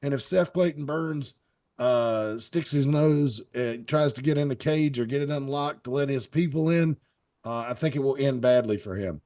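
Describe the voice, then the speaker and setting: Man, folksy rambling wrestling host, mid-pitched, jokey. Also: moderate pace, warm tone. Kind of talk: casual live-stream chat.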